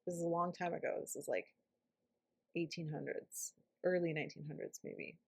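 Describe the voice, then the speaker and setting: A woman's voice: sits low, fairly even intonation, normal speed, gravelly, husky. A woman guiding a self-help tapping session, speaking reflectively and dropping to a whisper on some phrases. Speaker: EFT tapping practitioner.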